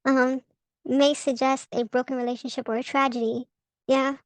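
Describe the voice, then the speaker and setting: A woman's voice: high-pitched, level tone, moderate pace, no echo, low-quality recording. A young woman giving a casual, profane tarot reading, blunt and rambling, often laughing and restarting her sentences. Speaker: tarot vlogger.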